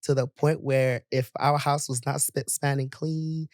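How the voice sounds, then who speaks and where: Animated laughing man, podcast guest. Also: medium pitch, a little slow, dry recording, studio quality. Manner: animated, laughing, rambling with restarts. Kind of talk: casual interview chat.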